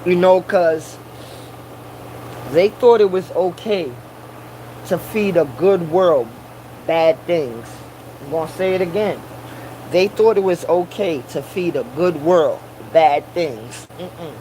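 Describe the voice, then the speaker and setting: A man with a high voice talks slowly and deliberately, preaching in a casual monologue full of Rasta slang. He drives his points home by repeating them. A faint hum runs under the recording. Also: mellow, poor audio. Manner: Rasta slang and Caribbean English grammar.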